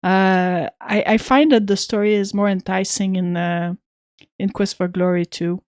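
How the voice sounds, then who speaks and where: A woman's voice: medium pitch, fairly even intonation, measured pace, a little mellow, smooth, no echo, studio quality. A woman chatting casually with viewers while streaming an old computer game, reading its text aloud now and then.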